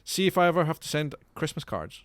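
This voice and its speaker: A man's voice: a little high, big pitch swings, no echo. A Scottish man co-hosting a podcast, speaking casually in a stop-and-start manner. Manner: halting, stop-and-start phrasing. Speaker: podcast co-host. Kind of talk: casual chat.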